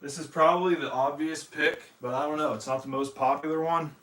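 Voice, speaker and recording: Speaking a little fast in a slightly high, fairly bright voice with fairly even intonation, a young Ohio man hosts a livestream. He's from Ohio, United States, and rambles profanely to his viewers, calling them "dude" while setting up his gear.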